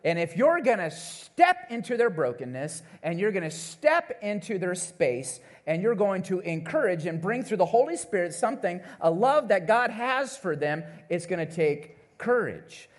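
A man's voice: sits high, unhurried. A male pastor preaching a sermon to his congregation in a conversational way, calling out to the listeners and acting out the people he quotes. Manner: animated, acts out the people he quotes. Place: church service before a congregation.

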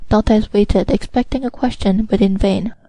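Mellow woman narrating an audiobook. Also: mid-range voice, steady tone, moderate pace, no echo, poor audio.

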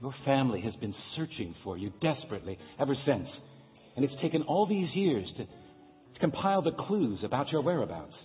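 Eager, coaxing guide, voiced by a man, lively swooping delivery; tinny line, hall reverb. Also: medium pitch, fairly quick, natural voice. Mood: earnest. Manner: earnest, coaxing, excited. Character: eager, encouraging male guide. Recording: tinny, echoey hall, faint music.

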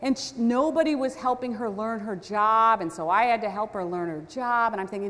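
A woman's voice: fairly high pitch, fairly quick, hardly any pauses, fairly bright tone. A woman preaching a storytelling sermon, talking conversationally with self-deprecating asides. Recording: long hall reverb.

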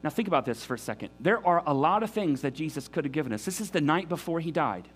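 A man's voice: on the high side, expressive, fast talker, a bit bright, a little hiss or hum. A man preaching a sermon in an earnest, emphatic way, often restarting his sentences. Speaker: pastor.

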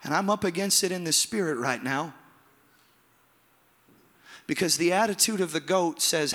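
A man preaching a sermon to his congregation, with dramatic pauses, soft low drops and rising, emphatic calls. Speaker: pastor. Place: large church hall. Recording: long hall reverb with piano behind. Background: soft piano.

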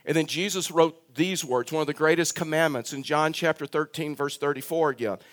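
A man's voice: on the high side, brisk. A male pastor giving a conversational sermon in an earnest tone, reading scripture aloud.

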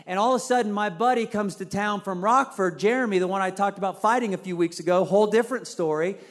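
A man's voice: high-pitched, fast talker. A middle-aged man preaching, a pastor who tells a personal story in a conversational way and acts out the quoted lines.

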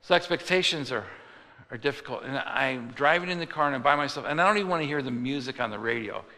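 Gravelly-voiced man preaching in a reverberant hall. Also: mid-range voice, expressive, quick pace, bright, forceful tone. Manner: conversational preaching, voicing quoted speakers. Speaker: pastor. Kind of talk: sermon.

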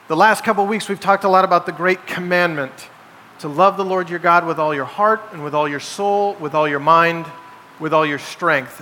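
In a church sanctuary, a man preaches to his congregation as pastor, his fairly high, sharp-toned voice emphatic as he poses rhetorical questions. Long hall reverb fills the recording, along with faint background noise.

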